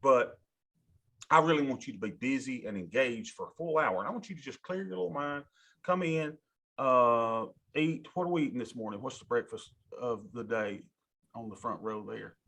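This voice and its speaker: A man lecturing a college class, animated and folksy, talking straight to his students in a classroom. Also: medium pitch, moderate pace. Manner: animated, talks to students directly, folksy asides. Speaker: college instructor.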